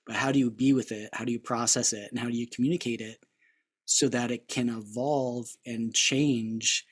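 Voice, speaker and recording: A man's voice: medium pitch, fairly even intonation, moderate pace, slightly rough. A man hosting an interview, asking long reflective questions and wandering off on tangents. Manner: rambling, reflective questions with restarts. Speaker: podcast host. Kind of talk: conversational interview.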